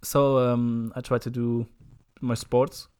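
Halting young man in casual chat. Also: medium pitch, clean tone. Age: young adult. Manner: relaxed, halting with repeated words and "uh", dry jokes. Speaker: podcast co-host.

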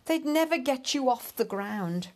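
A bossy older wife, firm and scolding, put on by a woman reading a storybook aloud, her voice pitched up above the narration and spoken slowly, every word weighed. She sounds used to getting her way. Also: animated, darkish tone. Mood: stern.

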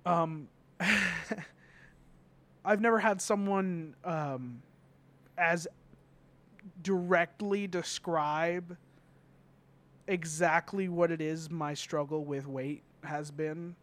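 A man's voice: a little high, fairly even intonation, drawn-out words, pauses often, fairly bright tone. A young man hosting a podcast, talking casually and hesitantly with many ums and restarts. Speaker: podcast host. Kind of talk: casual emotional conversation.

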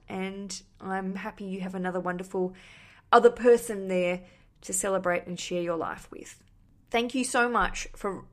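A woman hosting a casual podcast, replying to listener voice messages in a chatty, ranty, self-mocking way with casual swearing. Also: mid-range voice. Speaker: podcast host.

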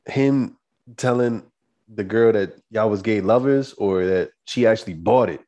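A man's voice: on the low side, measured pace, mellow. A man co-hosting a podcast in a laid-back casual chat, mostly reacting with short remarks and questions. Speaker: podcast co-host.

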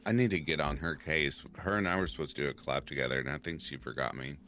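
Deep-voiced man chatting as a guest. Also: fast, pushed and bright, a little hiss or hum. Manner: chatty, laughs at own jokes. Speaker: guest, narration channel creator. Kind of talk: casual chat.

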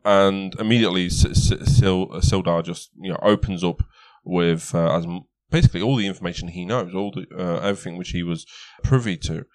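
A man's voice: sits low, fairly quick, few pauses, darkish tone, no room sound. A man narrating a tabletop game as game master, chatty and laughing, often correcting himself.

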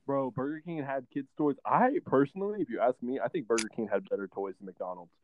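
A man's voice: mid-range voice, quick pace, slight background noise. A young man co-hosting a podcast, chatting loosely in slang and laughing often. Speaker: podcast co-host. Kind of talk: casual podcast chat. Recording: tinny phone-like sound.

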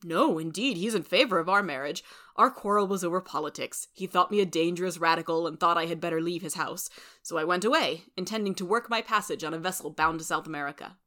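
A woman's voice: fairly low pitch, quick pace, pushed and bright. A woman voicing an earnest, proud young suitor in a storybook reading.

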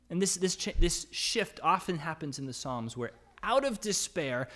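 A man's voice: high voice, animated, normal speed, hardly any pauses, bright, forceful tone. A man preaching a sermon in a conversational way, reading scripture aloud and asking questions of his listeners. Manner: reads scripture aloud, rising to emphatic cries. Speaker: pastor.

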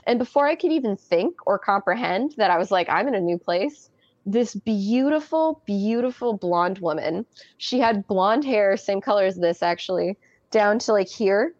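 A woman's voice: medium pitch, animated, normal speed, a little mellow, dry recording, dull audio. Chatty giggling woman in her thirties. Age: early 30s. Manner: chatty, giggly, many restarts and "like". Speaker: guest. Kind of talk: casual interview storytelling.

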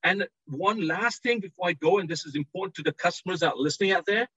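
A British-accented man with a high, slightly husky voice pitches his company with eager drive. He speaks over a video call from a trade show floor, and the audio is dry and dull. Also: pushed and bright, no room sound. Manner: enthusiastic, rapid sales pitch. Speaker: company executive.

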